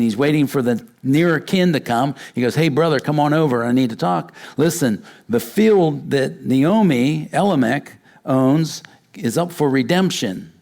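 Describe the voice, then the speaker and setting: A man preaching a verse-by-verse Bible sermon, reading scripture aloud and acting out the dialogue of the story with lively energy. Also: lowish voice, creaky. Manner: animated retelling, acts out dialogue. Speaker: pastor.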